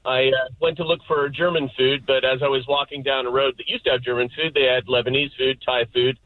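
A man's voice: medium pitch, fairly even intonation, fairly quick, no room sound. A man calling in to a radio show to tell a story, talking with lots of fillers, heard over a phone line. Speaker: caller. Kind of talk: telling a story on a call-in show. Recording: dry, dull phone line.

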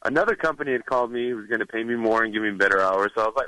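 A man calling into a radio show, telling a story in a halting way. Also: mid-range voice, animated, sharp tone, dry recording, low-quality recording. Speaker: caller. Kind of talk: phone-in story.

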